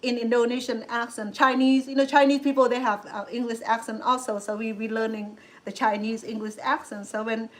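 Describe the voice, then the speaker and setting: A woman's voice: fairly high pitch, fairly even intonation, brisk, hardly any pauses, low-quality recording. A middle-aged woman with a Cambodian accent, chatting casually as a cooking show host, rambling with many restarts and fillers. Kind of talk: casual chat.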